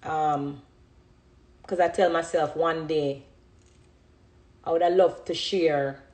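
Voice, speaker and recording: A woman's voice: sits low, slow. A Jamaican woman in her thirties chatting casually on a phone live stream, reading out comments from viewers. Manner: chatty, reads out comments, animated.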